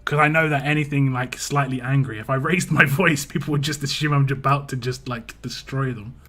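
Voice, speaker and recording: An English man hosting a game livestream, telling rambling stories in a relaxed way, often restarting his sentences and chuckling. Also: medium pitch, fairly quick. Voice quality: big, laid-back presence. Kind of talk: casual stream chat.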